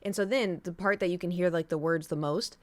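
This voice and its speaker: A woman streaming live, telling a rambling story to her chat in a casual, animated way. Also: fairly low pitch, a little fast. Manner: chatty, rambling, animated retelling.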